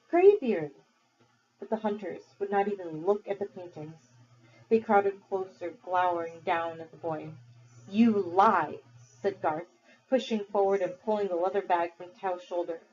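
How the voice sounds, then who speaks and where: A woman teacher reading a novel aloud to her class, measured and expressive. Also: lowish voice. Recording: dull lo-fi recording.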